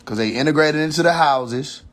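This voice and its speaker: On his own social media livestream, a man goes on a casual rant that turns heated, preachy and profane. His voice is fairly high and moves at a normal speed, and he thinks out loud, restarting sentences and repeating his warnings.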